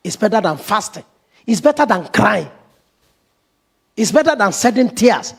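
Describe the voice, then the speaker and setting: High-voiced man preaching a lively sermon. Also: a little slow, vocal fry, breathy edge. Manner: animated preaching, acts out quoted voices, laughs often. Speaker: pastor.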